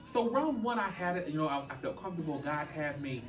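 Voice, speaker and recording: A man telling a deeply personal story as a podcast guest, speaking earnestly with halting restarts. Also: expressive, reverberant, recorded from a distance, music in the background, low-quality recording.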